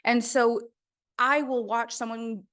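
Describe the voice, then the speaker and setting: A woman's voice: a little high, steady tone, slow pace, fairly bright tone. A woman teaching a course on the voice in a casual, chatty way, full of "like" fillers. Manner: chatty, conversational, many "like" fillers.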